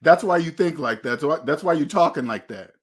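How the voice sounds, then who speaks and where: Guy with a high-pitched voice lecturing about money, preachy, keeps hammering the same line. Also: expressive, brisk. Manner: preachy, emphatic, repeats himself. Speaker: host. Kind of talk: motivational money talk.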